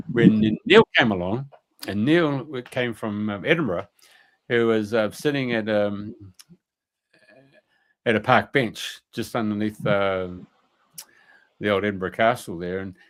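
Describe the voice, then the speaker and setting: A man telling a rambling anecdote on a radio talk show, colloquial and full of fillers. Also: fairly low pitch. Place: radio studio.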